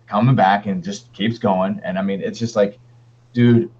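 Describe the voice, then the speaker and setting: A man's voice: fairly low pitch, steady tone, normal speed, a little mellow. A man co-hosting a wargaming podcast in a laid-back, rambling chat with many fillers. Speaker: podcast co-host. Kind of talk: casual chat. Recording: dull lo-fi stream audio.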